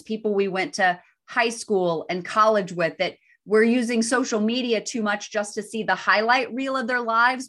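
A woman co-hosting a casual talk show, friendly and upbeat as she sums up a book. Her pitch sits in a middle range for a woman. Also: a bit bright. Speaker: podcast co-host. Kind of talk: casual chat.

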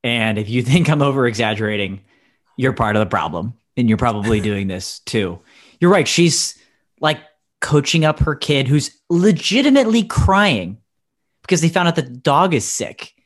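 A man's voice: mid-range voice, expressive, moderate pace. A man co-hosting a casual podcast chat, ranting emphatically and indignantly. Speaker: podcast co-host.

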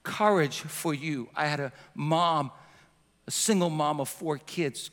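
A pastor in his fifties preaching a sermon with passion, climbing to loud repeated cries and falling to a soft voice in prayer. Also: on the high side, takes it slowly. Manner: passionate, building to shouts and dropping to soft prayer. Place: church sanctuary. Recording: long reverb of a church hall.

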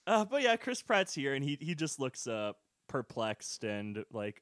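An animated man in casual podcast chat, laughing often and acting out quotes. His voice is bright and forceful. The sound is dry and close to the mic. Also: mid-range voice, moderate pace, hardly any pauses, no echo. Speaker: podcast co-host.

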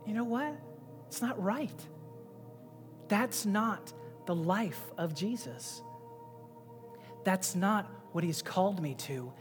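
A man's voice: high voice, lively intonation, takes it slowly, pauses often. Preaching man in a reverberant hall. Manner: preaching, swinging between loud emphatic passages and quiet asides. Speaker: pastor. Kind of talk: sermon. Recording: long reverb with faint music behind.

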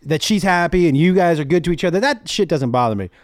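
A man's voice: fairly high pitch, fast, no echo, clean studio sound. A middle-aged man, a comedian guesting on a podcast, telling family stories in a casual chat and acting out every line of quoted dialogue. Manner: animated storyteller who acts out quoted dialogue.

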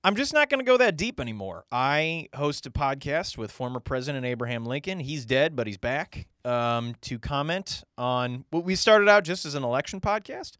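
A man's voice: mid-range voice, sing-song, moderate pace, few pauses, a bit bright, no echo, clean studio sound. A man hosting a comedy podcast, rambling and joking with many hesitant fillers. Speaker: podcast host. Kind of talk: casual comedy podcast banter.

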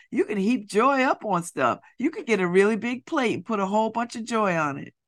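A middle-aged woman hosting a radio show, talking in an animated, repetitive way with laughing asides. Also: a little high. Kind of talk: casual monologue. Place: radio studio.

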